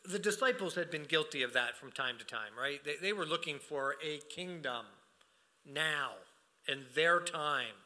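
A man preaching a sermon with a strikingly bright, ringing tone that sits a little above the usual male range. He talks earnestly, often trailing into "uh" and restarting a phrase before pushing on. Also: fairly high pitch, normal speed. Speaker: pastor.

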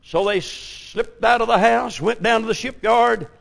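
An older man preaching a folksy revival sermon, telling stories and rising to sudden shouts. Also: extremely high pitch, a little slow, gravelly. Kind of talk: old-fashioned revival sermon.

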